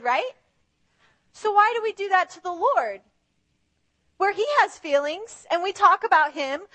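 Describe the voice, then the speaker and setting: A woman preacher giving an animated sermon who acts out the voices of the people she quotes. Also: very high voice.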